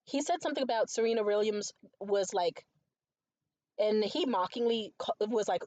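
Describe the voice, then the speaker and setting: A woman's voice: medium pitch, expressive, moderate pace, darkish tone, no echo. A tired young woman ranting in a casual monologue, profane, exasperated and rambling. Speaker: stand-up comedian. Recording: muffled lo-fi recording.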